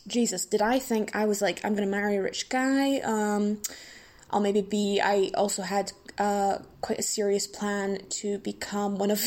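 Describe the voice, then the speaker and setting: A woman's voice: medium pitch, darkish tone. A sleep-deprived woman in her twenties hosting a solo podcast, rambling through a casual rant with dramatic, self-mocking asides. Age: 20s. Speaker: podcast host.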